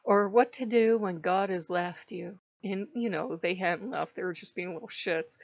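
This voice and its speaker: A woman's voice: mid-range voice, normal speed, gravelly, few pauses, dry recording, dull audio. A woman hosting a casual storytelling vlog, chatty, laughing often and acting out bits of dialogue. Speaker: channel host.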